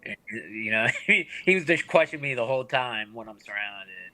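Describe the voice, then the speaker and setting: Bright-voiced man telling a rowdy story. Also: medium pitch, normal speed. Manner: animated storyteller, acts out quotes, drops to hushed voice. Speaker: podcast co-host. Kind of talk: casual storytelling chat.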